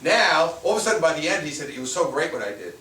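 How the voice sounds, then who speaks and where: With a fairly high pitch, big pitch swings and a bright, forceful tone, this spiritual teacher talks fast as he runs a live seminar. He keeps it conversational and throws rhetorical questions at the room. The recording is echoey and distant, with faint hiss.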